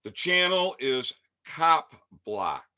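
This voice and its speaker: A man's voice: very animated, slow pace, clean tone. Furious ranting man, wildly swinging voice. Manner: swings between shouting and low muttering, heavy profanity. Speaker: channel host. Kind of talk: angry ranting monologue.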